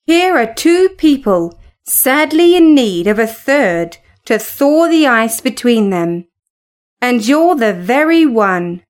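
A woman's voice: on the high side, big pitch swings, takes it slowly. A woman reading aloud as a proud young woman who scolds and teases with a knowing edge. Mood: teasing. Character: proud young woman, sharp-tongued friend.

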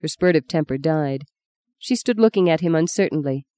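Her pitch sits low as she narrates a novel for an audiobook, keeping a measured, even pace. The scripted reading is captured in a dry, clean studio recording.

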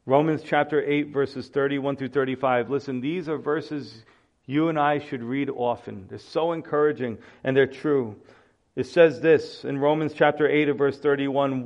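Man, pastor, sermon, animated storyteller, mid pitch, lo-fi sound. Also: normal speed. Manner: animated storytelling preacher, acts out voices.

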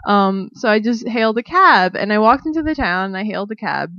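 A woman's voice: medium pitch, animated, a little fast, pushed and bright, no room sound. A young woman chatting casually and telling a long, rambling story, full of "like" and little laughs. Her voice sits in a middle range. The recording is dry and slightly dull. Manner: rambling, frequent "like", laughs often. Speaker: storyteller guest. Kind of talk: casual chat.

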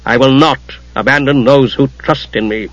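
A stern, grim god , as a male reader plays him, speaks gravely and firmly. The voice has a husky grain. The recording is muffled and lo-fi. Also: medium pitch, fairly even intonation, moderate pace, fairly bright tone, close to an everyday voice. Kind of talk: audiobook character reading.

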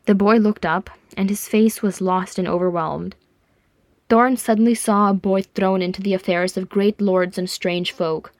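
A woman narrating a fan fiction audiobook in a calm, measured way. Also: medium pitch, no echo. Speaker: audiobook reader.

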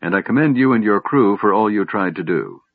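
A man's voice: on the low side, animated, a little fast, dry recording. A man voicing a proud, stiff human knight who speaks curtly and sternly. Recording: dull, lo-fi, dry sound.

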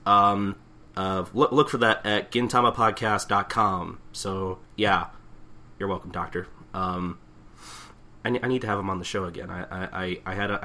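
A man's voice: lowish voice, bright, forceful tone. A young man co-hosting a podcast, recapping manga chapters in a rambling, casual way that keeps stopping and restarting. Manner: rambling, self-interrupting, acts out characters' lines. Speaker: podcast co-host.

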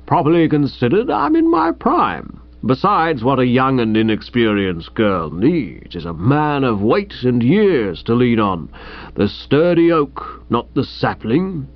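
A man's voice: mid-range voice, very animated, unhurried, no room sound. A man voicing a stout, pompous older uncle, a clubman smitten with a young girl, in a musing way. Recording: dull dry recording.

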